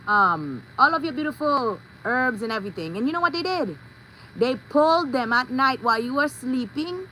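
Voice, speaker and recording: A woman's voice: on the high side, bright, forceful tone, slight background noise, poor audio. A woman vlogger talking in a playful, rambling monologue, telling stories with goofy sound effects.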